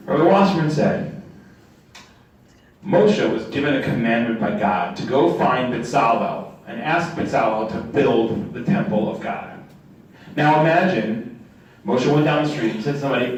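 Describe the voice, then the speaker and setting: A man giving a sermon as a rabbi, telling stories and acting out the people in them with lively swings in voice. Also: fairly high pitch, a little fast. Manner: animated storytelling, acting out quoted characters. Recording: echoey room from a distant mic.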